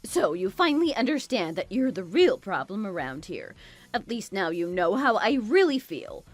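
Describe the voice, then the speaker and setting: A woman's voice: medium pitch, very animated, moderate pace, faint music behind. Woman playing a bossy, spiteful mother-in-law. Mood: scornful. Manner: scolding, contemptuous, bossy. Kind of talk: dramatized story voice acting.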